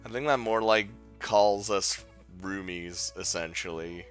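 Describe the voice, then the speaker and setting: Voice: sits low, a little slow, soft background music. A game streamer reading visual novel narration aloud with jokey, crude asides. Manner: jokey, swearing, laughs at own asides. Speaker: let's play host.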